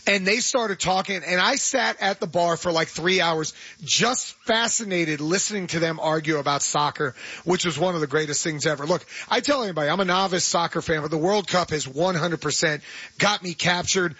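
A man hosts a sports radio show and chats with enthusiasm. His voice sits high and bright with a husky grain. The studio sound is dry and a bit dull. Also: moderate pace, dry recording. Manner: enthusiastic, chatty. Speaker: radio host.

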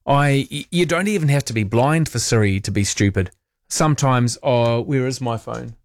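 A man hosting an overnight talk radio show, reading listener messages in a relaxed, chatty, self-deprecating way. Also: medium pitch, normal speed, no echo. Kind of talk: late-night radio, reading listener texts. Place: radio studio. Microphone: studio microphone.

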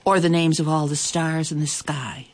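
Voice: mid-range voice, fairly even intonation, moderate pace, lightly acted. A storyteller voicing a proud, haughty female elephant who speaks crossly. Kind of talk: storybook reading.

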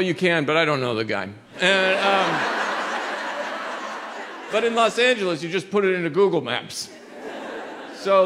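A man telling a stand-up story in a dry, deadpan way. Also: on the high side, noisy background. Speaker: stand-up comedian. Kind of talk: stand-up comedy set.

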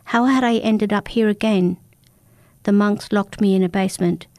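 A woman reading a first-person folktale aloud, telling it in a steady, dramatic way. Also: mid-range voice, moderate pace, dry recording, studio quality. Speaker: narrator. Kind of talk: first-person storybook narration.

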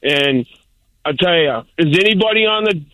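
Older caller, boisterous rambler, high voice with a bright edge, dry sound. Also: male voice, expressive, normal speed, dry recording, rough recording. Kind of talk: call-in radio chat.

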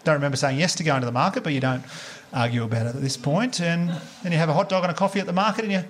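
An Australian comedian delivers a quick-fire stand-up bit in a slightly high, brisk voice, animated and sweary. He works a live room, with faint background ambience under the audience laughter. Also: a little hiss or hum. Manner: rapid, animated storytelling with profanity.

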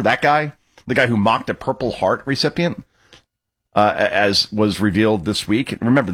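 A man's voice: mid-range voice, a bit bright, breathy edge. A man hosting a talk radio show, giving opinionated commentary in a sarcastic, emphatic way.

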